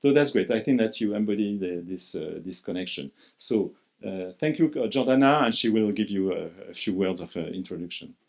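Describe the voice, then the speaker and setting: A man gives brief welcoming remarks at an academic event, speaking haltingly with frequent fillers. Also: fairly low pitch, expressive, gravelly, darkish tone, slight background noise. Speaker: event co-host. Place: lecture hall.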